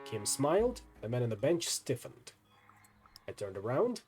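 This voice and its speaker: A man streaming and reading a story game aloud, with casual asides, in a lively, expressive way. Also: mid-range voice, unhurried, husky, faint music behind.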